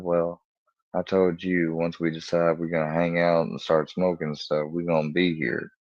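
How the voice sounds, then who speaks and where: A man's voice: no room sound, dull audio. A man telling a rambling casual story, acting out both sides of a conversation in a jumpier voice. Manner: rambling, acts out both sides of the talk with a jumpier, higher voice for quotes. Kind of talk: casual story told to camera.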